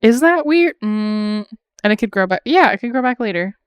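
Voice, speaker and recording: A woman's voice: fairly high pitch, expressive, moderate pace, smooth, no echo, studio quality. A young woman art streamer chatting casually while she draws, thinking aloud with lots of fillers and little laughs.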